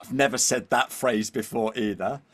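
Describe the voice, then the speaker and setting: A middle-aged man, guesting on a podcast, tells a story animatedly in a conversational way. His medium-pitched voice moves at a moderate pace, and he keeps checking in with "okay?" and "all right?".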